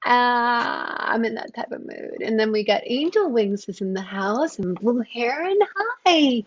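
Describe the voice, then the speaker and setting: A woman's voice: on the high side, expressive, moderate pace, hardly any pauses. A woman co-hosting a true-crime livestream, chatting casually and greeting viewers by name with bubbly energy. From Oklahoma. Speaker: podcast co-host. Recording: dull lo-fi stream audio.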